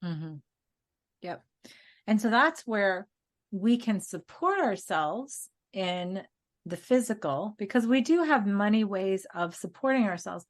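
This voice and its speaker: A woman's voice: medium pitch, expressive, takes it slowly. Earnest woman telling a story. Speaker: podcast co-host. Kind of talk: casual spiritual chat.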